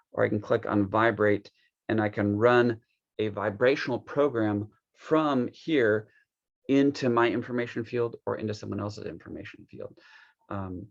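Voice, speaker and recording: A man's voice: lowish voice, creaky, lo-fi sound. A man casually walking through a wellness device demo, rambling loosely with plenty of fillers and restarts. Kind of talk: casual unscripted product walkthrough.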